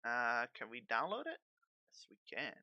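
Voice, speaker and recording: Profane young man venting, bright voice. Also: mid-range voice, huge pitch swings, normal speed, lo-fi sound. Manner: profane, restless, trails off and restarts. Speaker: game streamer. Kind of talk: casual ranting to stream chat.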